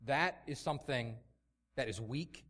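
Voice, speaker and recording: A man's voice: medium pitch, a little slow, pushed and bright. A man preaching a sermon in an impassioned, emphatic way, often repeating words as he builds a point.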